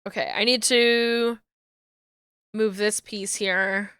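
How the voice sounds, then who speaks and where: A woman streamer in casual chat, laughing often and reading messages from chat aloud, with a naturally high voice. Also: fairly even intonation, slow pace, fairly bright tone, smooth, no echo, studio quality. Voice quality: high natural register, finds low voices hard.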